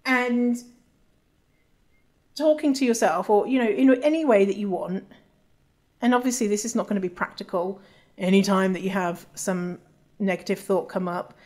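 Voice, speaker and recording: A woman's voice: mid-range voice, normal speed, long pauses, darkish tone. A woman hosting a solo podcast, talking casually and candidly, swearing freely and restarting her sentences often. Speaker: podcast host.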